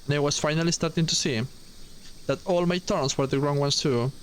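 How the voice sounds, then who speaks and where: Bitter, world-weary farm wife from a game, voiced plainly by a man in his own fairly high voice; noisy track. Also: fairly even intonation, fairly quick, lightly acted. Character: hard-bitten young woman farm wife. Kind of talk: reading game dialogue aloud.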